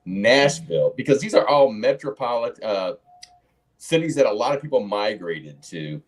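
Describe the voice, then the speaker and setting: A man's voice: mid-range voice, animated, normal speed. A man in casual chat, giving thoughtful, long explanations in a musing tone.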